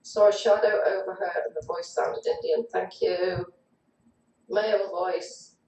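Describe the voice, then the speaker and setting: A woman's voice: fairly low pitch, fairly even intonation, a little slow, creaky, warm tone, reverberant, distant mic, rough recording. A woman spirit medium, shaken, reading viewer comments aloud on a live online show. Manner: shaky, reads chat comments aloud.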